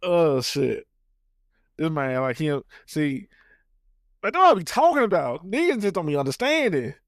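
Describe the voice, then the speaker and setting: A man's voice: a little high, sing-song, normal speed, no echo, studio quality. A man co-hosting a podcast who keeps teasing his friend and insisting on his point. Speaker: podcast co-host. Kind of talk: casual chat.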